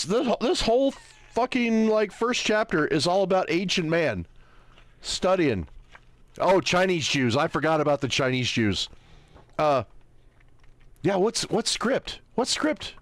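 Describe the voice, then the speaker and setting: A man's voice: fairly high pitch, big pitch swings, a bit bright, dry recording. A man hosting a livestream, giving sarcastic, mocking commentary as he browses and squints at small text, often tossing out rhetorical questions. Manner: sarcastic, mocking, keeps asking "right?"; squints at small text, reads aloud haltingly. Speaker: livestream host.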